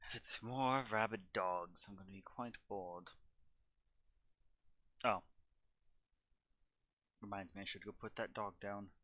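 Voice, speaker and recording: A man playing a cold, ruthless character in a tabletop game, speaking slowly in clipped, detached lines. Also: fairly low pitch, steady tone, bright, forceful tone. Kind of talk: in-character tabletop role-play.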